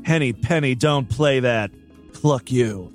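Speaking slowly in a mid-range voice, a man hosts a comedy podcast with faint music behind him. He offers comic news commentary, reading odd stories and chiming in with wisecracking, mock-outraged asides.

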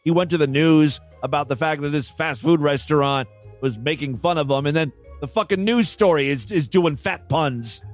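A man's voice: on the high side, moderate pace, soft background music. A man reading out crime news stories and breaking in with sarcastic, profane jokes. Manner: sarcastic, profane, mocking asides. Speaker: comedic news commentator.

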